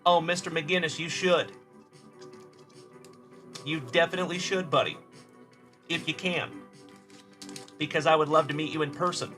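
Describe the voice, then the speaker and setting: Upbeat, bright-voiced man hosting a livestream. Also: a little high, fairly even intonation, normal speed, pauses often, faint music behind. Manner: upbeat and friendly, calling viewers buddy and brother. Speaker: host of a card-breaking livestream. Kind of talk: live stream chat, reading viewer comments.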